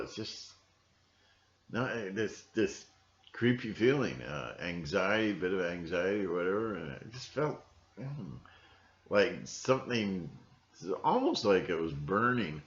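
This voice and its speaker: Low-voiced man rambling in a roomy lo-fi recording. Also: a bit bright. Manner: rambling, restarts often, conspiratorial. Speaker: vlogger. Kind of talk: rambling monologue. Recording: roomy, dull lo-fi sound.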